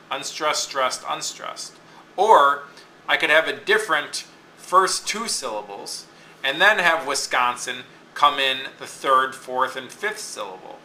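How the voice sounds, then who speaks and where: A man's voice: fairly high pitch, pushed and bright, echoey room, a little hiss or hum, poor audio. A man teaching a lesson, explaining step by step and often checking in with "okay?". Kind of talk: classroom lecture on poetic meter.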